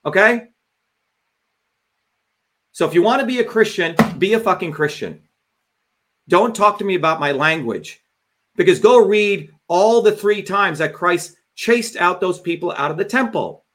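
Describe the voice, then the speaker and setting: A man's voice: sits high, expressive, measured pace, pauses often, a bit bright, slight background noise. A man hosting a live show, delivering a combative, profanity-filled political monologue and speaking straight to his viewers. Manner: emphatic, addresses viewers directly.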